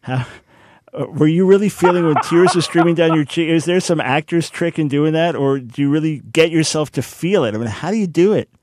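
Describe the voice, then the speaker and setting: A man's voice: fairly high pitch, a little fast, darkish tone, slight background noise. A man hosting a radio talk show from his studio, interviewing guests with enthusiasm.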